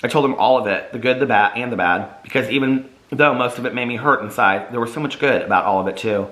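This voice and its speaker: A man's voice: medium pitch, quick pace, a bit bright, roomy sound, rough recording. A man reading his own novel aloud in first person, earnest and emotional.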